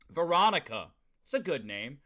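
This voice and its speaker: A young man from New York streaming to his chat, loud and animated, swearing often and talking straight to his viewers. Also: a little high, creaky. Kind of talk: casual livestream chat.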